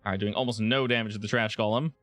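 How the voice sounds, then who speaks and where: A man running a tabletop game as game master, narrating in a relaxed way with frequent restarts. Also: fairly low pitch, quick pace, dry recording, soft background music.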